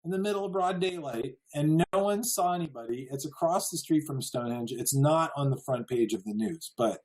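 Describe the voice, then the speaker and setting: Chuckling here and there, an American man leads a casual slideshow lecture with earnest wonder. His medium-pitched voice is a little mellow, though the recording is rough.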